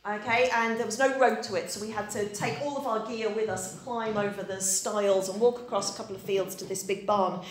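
A pastor from Yorkshire, England, in her forties, delivers an anecdotal, conversational sermon and asks her congregation questions. Her mid-range voice stays fairly even and fairly quick with few pauses, and the echoey church room carries slight background noise.

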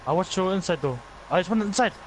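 A man's voice: high voice, animated, fast. A man in casual gaming voice chat, swearing at friends and calling out enemy positions. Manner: crude trash talk and callouts. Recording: voice chat over loud game noise.

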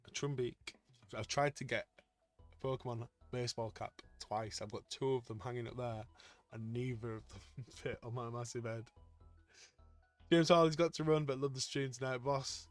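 A man live-streaming as he opens trading card packs, chatting excitedly with his viewers. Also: medium pitch, moderate pace, soft background music. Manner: excitable, chatty, talks to chat. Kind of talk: casual live-stream chat.

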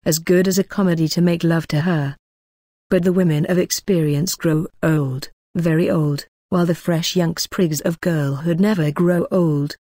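A woman reading the part of a drunk, rambling gentleman who speaks in an oily, ornate way in an audiobook. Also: lowish voice, steady tone, moderate pace, no echo, studio quality, lightly acted. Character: drunk rambling older gentleman, sly and mocking.

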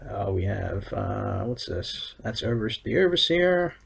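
A man's voice: lowish voice, very animated, a little slow, creaky, husky. A man giving casual commentary while playing a game, hesitant and thinking aloud with many fillers. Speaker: let's play gamer.

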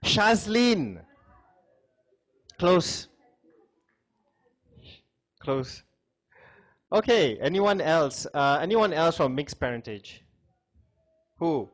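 A man's voice: a little high, sing-song, very slow, pauses often. A man giving a classroom lecture, chatting with students, asking questions and laughing often.

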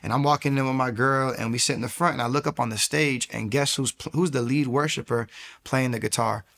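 A man telling his own faith testimony in an earnest, quick way, with lots of filler words and restarts, acting out the people in his story. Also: mid-range voice, steady tone, vocal fry, a bit bright. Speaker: guest sharing a faith testimony.

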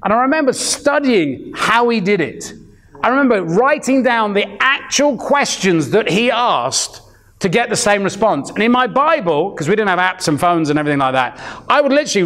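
Lively-voiced man in his fifties preaching. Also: sits high, normal speed. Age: 50s. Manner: storytelling, acting out quoted voices; chatty, full of restarts. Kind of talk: sermon.

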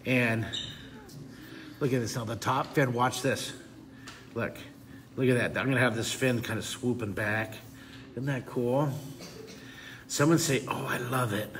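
A man's voice: mid-range voice, unhurried, long pauses, noisy background. A man teaching a live drawing lesson for kids, enthusiastic and playful, asking his audience to call words back.

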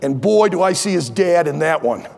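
Older male pastor, high lively voice, preaching in a big echoing sanctuary. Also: moderate pace, gravelly, noisy background. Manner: impassioned, swings from loud pleading to low asides. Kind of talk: sermon. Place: large church sanctuary.

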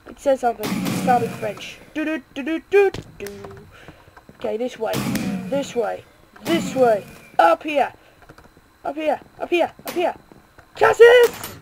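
Excitable woman commenting on gameplay. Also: sits high, a little slow, vocal fry, noisy background. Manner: excitable, self-mocking, swears and cheers in bursts. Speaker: gaming video creator.

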